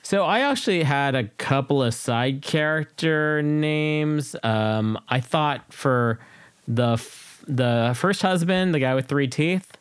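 A man's voice: on the high side, expressive, takes it slowly, smooth, no echo, clean studio sound. A man co-hosting a podcast in casual chat, joking and trailing off with fillers. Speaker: podcast co-host.

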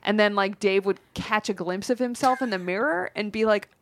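A woman comedian chatting as a podcast guest, telling lively stories, swearing and laughing often. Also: medium pitch, normal speed. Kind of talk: casual podcast chat.

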